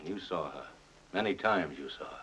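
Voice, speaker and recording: An actor playing a cunning, stern middle-aged king and father, who talks in a husky, commanding voice and questions with scorn, in a 1950s epic film. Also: low-pitched, animated, normal speed, a bit bright, heavily acted. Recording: dull lo-fi 1950s film soundtrack.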